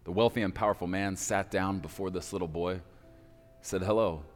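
Brief: male preacher, very deep voice, dramatic pauses, reverberant hall. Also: fairly even intonation. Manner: dramatic pauses, slowing for emphasis. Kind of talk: sermon storytelling. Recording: reverberant hall with faint music.

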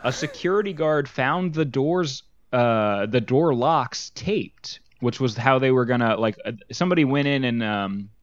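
A man's voice: mid-range voice, lively intonation, unhurried, hardly any pauses, dry recording. A man co-hosting a board game podcast in casual chat, wry and teasing, often calling his co-host by name. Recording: slightly dull, dry lo-fi sound.

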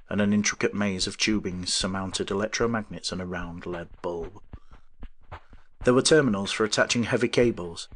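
A man reading an audiobook in steady, even-toned scripted narration. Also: low-pitched. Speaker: audiobook reader.

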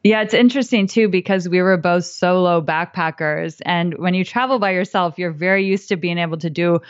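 American woman, podcast guest, chatty, lower voice, dull lo-fi sound. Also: fairly quick, no room sound. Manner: chatty, laughs easily. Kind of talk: casual interview chat.

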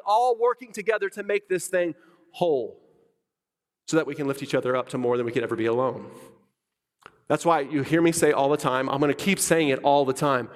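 A man preaching a sermon as pastor, emphatic, repeating key words and putting questions to the congregation. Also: high-pitched. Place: church hall. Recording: long hall reverb.

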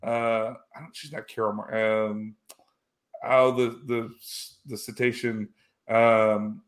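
A man's voice: medium pitch, flat delivery, slow pace. A man in casual chat, retelling a film scene by scene with many fillers and restarts.

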